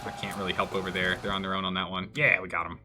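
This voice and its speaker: A man's voice: sits low, little pitch movement, rapid-fire, bright, forceful tone, faint music behind. A man streaming gameplay live, commenting in a playful, jokey way.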